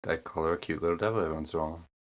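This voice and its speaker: A man at a tabletop game chats in a relaxed, hesitant way. His voice sits very low. He often restarts his sentences mid-thought. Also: very fast, rough recording. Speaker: player. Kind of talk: in-character casual chat.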